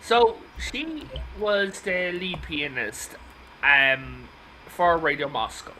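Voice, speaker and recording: Podcast host, male, high and piercingly bright, rambling storyteller. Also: animated, takes it slowly, slight background noise, low-quality recording. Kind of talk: casual movie discussion.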